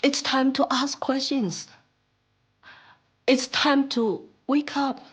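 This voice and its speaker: A woman in a clip, speaking in an emotional, earnest, pleading way with a breathy voice. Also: high-pitched, takes it slowly.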